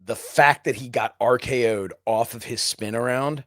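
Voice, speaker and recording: Brief: man, mid-pitch, podcast co-host, dry close-mic sound, easygoing. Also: moderate pace, a bit bright, no echo. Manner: conversational, agreeable backchannels. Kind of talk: casual wrestling chat. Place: podcast studio.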